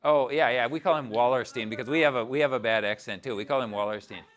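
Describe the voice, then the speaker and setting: A man's voice: mid-range voice, fast talker, fairly bright tone. A man giving an informal university lecture as a guest lecturer, talking loosely with frequent asides and restarts. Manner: conversational, loose, with frequent "you know" and restarts.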